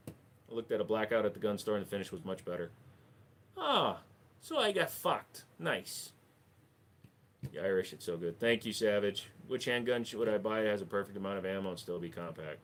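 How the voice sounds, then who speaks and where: A man's voice: lowish voice, big pitch swings, brisk. A man hosting a live stream, answering viewer questions with dry jokes. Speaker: livestream host. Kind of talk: casual live Q&A chat.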